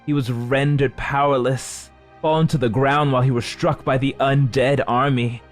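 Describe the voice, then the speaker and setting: A man voicing a weary, gentle woman of a resistance, explaining softly in a higher voice. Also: steady tone, moderate pace, soft background music, close to an everyday voice.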